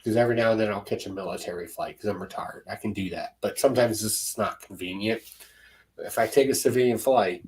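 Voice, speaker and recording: A man's voice: on the low side, fast, darkish tone, a little hiss or hum, low-quality recording. A middle-aged man chatting casually on a panel, a rambling, jokey storyteller. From United States. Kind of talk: casual chat.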